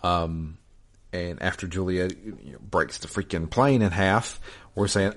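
A man's voice: low-pitched, lively intonation, normal speed, vocal fry. A married man casually recapping a video game he played, rambling with many fillers and restarts. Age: adult, married. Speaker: podcast co-host recapping a game. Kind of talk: casual chat.

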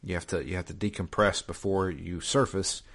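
A man's voice: deep voice, fairly even intonation, normal speed, fairly bright tone. A married man casually recapping a video game he played, rambling with many fillers and restarts. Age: adult, married. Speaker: podcast co-host recapping a game. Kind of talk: casual chat.

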